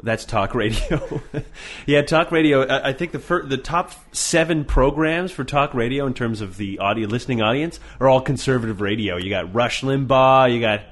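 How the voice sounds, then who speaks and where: A man's voice: mid-range voice, normal speed. A man hosting a podcast, chatting casually, swearing and mocking with plenty of energy. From Canada. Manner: profane, mocking, animated. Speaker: podcast host.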